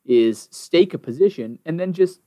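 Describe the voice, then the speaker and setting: Man, podcast co-host, riled-up swearing rants, higher voice, very animated. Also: normal speed, dull audio. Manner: profane, worked-up ranting. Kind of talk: casual podcast commentary.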